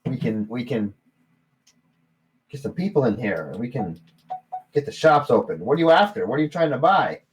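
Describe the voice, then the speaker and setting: A man voicing an excitable male gnome innkeeper who stammers and repeats himself. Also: medium pitch, normal speed, long pauses, voice pushed up, natural voice, rough recording. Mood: flustered.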